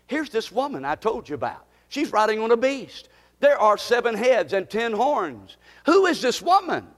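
A man's voice: extremely high pitch, big pitch swings, moderate pace, in a large hall. A man preaching a Bible study sermon, drawing the congregation into call-and-response and building to emphatic, repeated questions. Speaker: pastor.

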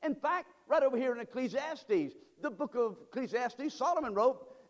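High-voiced preacher in a church hall. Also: male voice, expressive, normal speed, few pauses. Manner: emphatic preaching, rising to shouts. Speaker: pastor. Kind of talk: sermon. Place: church sanctuary. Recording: long reverb of a church hall.

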